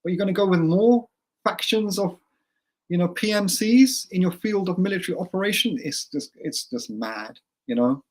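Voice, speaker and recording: A man from India, a guest commentator on a political livestream, animated and incredulous, repeating words when he gets worked up. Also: high voice, normal speed.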